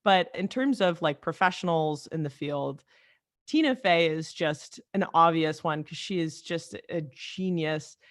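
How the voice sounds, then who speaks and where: A woman guest, a comedy writer, chatting casually in an interview, animated and full of quick restarts and asides. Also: sits low, no room sound, clean studio sound.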